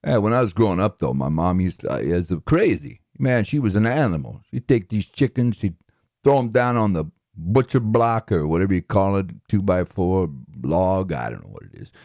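Man playing a slurring middle-aged boxer, low voice, swooping intonation, dry close sound. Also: lively intonation, a little mellow, dry recording. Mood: rambling. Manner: slurred, rambling, halting, self-mocking. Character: mumbling dim-witted middle-aged male boxer, gentle. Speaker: impressionist. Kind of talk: comedic impression monologue.

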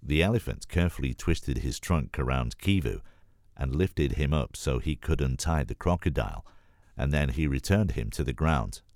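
A man reading a children's storybook aloud in a calm, measured way. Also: a bass voice, no room sound, clean studio sound. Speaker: narrator.

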